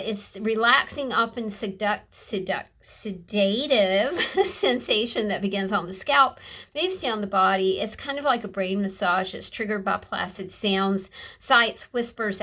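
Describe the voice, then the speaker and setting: A woman's voice: medium pitch, a bit bright. A woman vlogging in a casual, meandering chat as she decorates a journal. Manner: meandering, chatty and unhurried. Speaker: craft vlogger. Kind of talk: casual chat while crafting.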